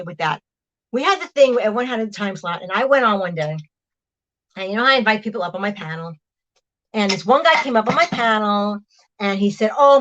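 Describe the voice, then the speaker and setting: A woman's voice: mid-range voice, fairly bright tone, lo-fi sound. Chatty woman talking while she cooks. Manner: rambling, chatty, lots of fillers and hang-ons. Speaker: livestream host. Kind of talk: casual chat while cooking. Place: home kitchen, moving between rooms. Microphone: device mic, often at a distance. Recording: voice drifting far from the mic.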